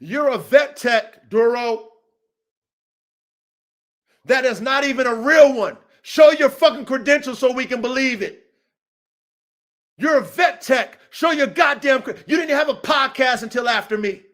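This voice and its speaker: A man's voice: very high-pitched, unhurried, long pauses, a bit bright. A man hosting a dog-training show, delivering a heated, profane, repetitive rant that calls out a rival.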